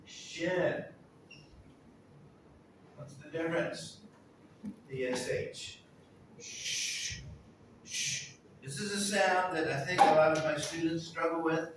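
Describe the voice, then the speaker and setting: A man's voice: a little high, steady tone, slow pace, long pauses. A man teaching an English lesson, patient and quizzing his students. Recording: echoey room, far from the mic, noisy.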